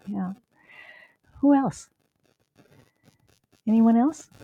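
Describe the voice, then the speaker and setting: A woman's voice: a little high, lively intonation, slow pace, no room sound, narrow, tinny audio. A woman minister inviting her congregation to share, with brief encouraging prompts. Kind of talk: leading congregation sharing.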